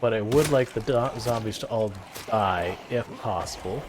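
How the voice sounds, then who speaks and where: Over heavy background noise, a man with a voice on the low side talks at normal speed while streaming a game. His gameplay chat rambles, he's sarcastic and self-deprecating, and he keeps starting his sentences over.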